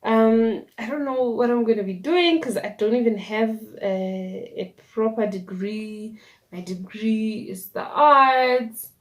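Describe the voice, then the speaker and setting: A young South African woman chats through a makeup tutorial, telling her own story with playful asides and Sesotho words mixed in. Her voice sits a little high, and she talks at an unhurried pace. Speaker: YouTuber. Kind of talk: casual vlog storytelling during a makeup tutorial.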